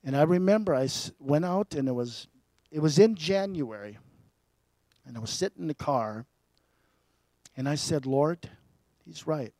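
A man preaching a personal testimony as a sermon, telling his story with big swings between loud and quiet. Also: on the high side, lively intonation, moderate pace, pauses often, no room sound.

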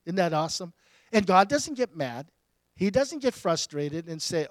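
A higher-voiced man, middle-aged or older, tells his life story from the pulpit. He swings from loud bursts to near whispers. The sound is dry and close. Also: normal speed, no echo. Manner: animated, swinging from loud to hushed. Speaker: pastor. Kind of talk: storytelling sermon.

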